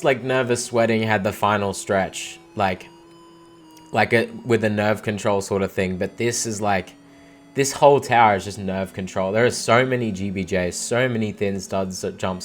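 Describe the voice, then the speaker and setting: A young man giving casual commentary on his own gameplay, rambling and excitable, full of "like" and "dude.". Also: fairly low pitch. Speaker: let's play gamer.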